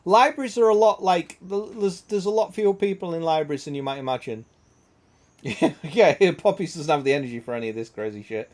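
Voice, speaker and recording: A man's voice: a little high, expressive, fairly quick, darkish tone. A young man streaming a game, chatting crudely with lots of swearing and laughter. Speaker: gaming streamer. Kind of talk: casual gameplay chat.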